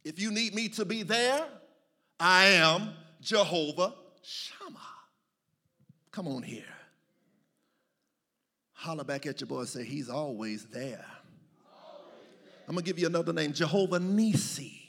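A male preacher with a high-set voice and a gravelly, fry-edged texture. He preaches in rhythmic waves and rises into chanted, near-shouted calls to the congregation. Between the calls he drops into loose, joking asides. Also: very animated, moderate pace, pauses often. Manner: building to shouted, chanted call-and-response preaching. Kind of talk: sermon.

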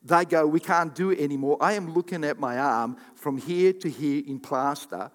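Pastor, male, high-pitched, animated preaching in a reverberant church hall. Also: moderate pace. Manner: animated, acts out quoted voices, repeats for emphasis. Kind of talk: sermon.

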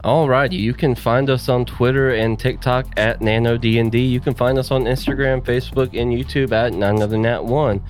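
A man's voice: mid-range voice, steady tone, moderate pace, hardly any pauses, soft background music. A man, co-hosting a podcast and jokingly running through the show's links and plugs. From US South. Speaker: podcast co-host. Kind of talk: casual podcast outro chat.

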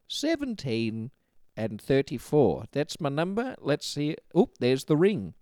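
A comedy podcast co-host trading playful, deadpan banter. The voice is animated, with a wide pitch range. It is recorded close and dry. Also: takes it slowly, clear, resonant tone, no echo. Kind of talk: improvised comedy radio bit.

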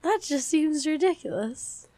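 A woman's voice: high voice, expressive, measured pace, darkish tone, dry recording. A woman co-hosting a casual podcast, reacting with disbelief and frequent laughs. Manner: reactive, incredulous, laughs often. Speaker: podcast co-host.

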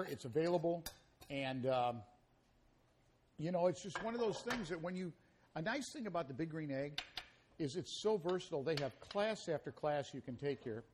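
Chatty radio host guy, kinda high voice, rambly and jokey, faint hiss behind. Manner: jovial, rambling, talks with mouth full. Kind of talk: casual live radio chat. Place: live at a cooking school.

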